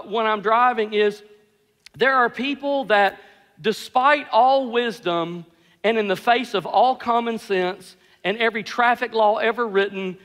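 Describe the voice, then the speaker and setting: A man preaching a sermon as pastor, telling stories with animated, self-mocking humor. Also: high-pitched, in a large hall.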